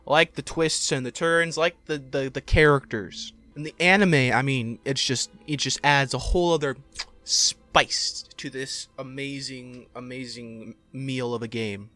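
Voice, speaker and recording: A man giving casual, profane gameplay commentary, excitable and prone to yelling. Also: mid-range voice. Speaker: let's play gamer.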